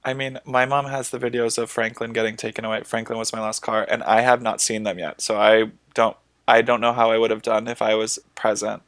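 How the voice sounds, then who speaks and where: A man's voice: on the low side, level tone, brisk, few pauses, fairly bright tone, no echo. Joking, profane podcast man. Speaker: podcast co-host. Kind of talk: casual chat.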